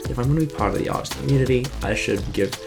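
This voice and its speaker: A man's voice: mid-range voice, fast, gravelly, music in the background. A man giving casual, sarcastic, rambling commentary from his bedroom. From Australia. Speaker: YouTube commentator. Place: home bedroom.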